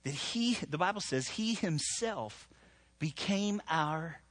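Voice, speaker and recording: A middle-aged man preaching to his congregation in a loose, joking, conversational way. His voice sits fairly high for a man and climbs sharply when he drives home a verse. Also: expressive, slow pace, a bit bright. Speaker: pastor. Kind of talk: live sermon to a congregation.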